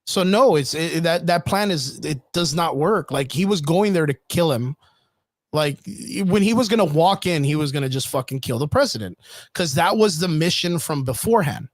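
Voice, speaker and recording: A man co-hosting a podcast in casual debate, profane and animated, acting out scenes as he retells them. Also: a little high, moderate pace, dry recording, studio quality. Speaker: podcast co-host.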